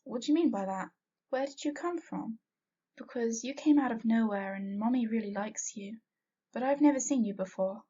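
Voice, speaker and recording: A woman's voice: fairly high pitch, normal speed, mellow, husky, dull audio. A woman voicing a sweet, curious little girl in a storybook reading, with a lifted, childlike delivery.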